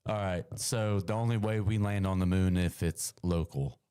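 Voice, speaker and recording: A man in casual live-stream chat, explaining his ideas slowly and hesitantly. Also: deep voice, fairly even intonation, dark tone, clean tone.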